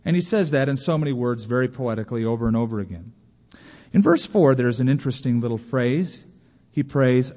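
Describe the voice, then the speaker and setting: A man preaching a sermon as a pastor, animated, moving between hushed and emphatic delivery. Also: mid-range voice, brisk. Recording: dull sound with long hall reverb.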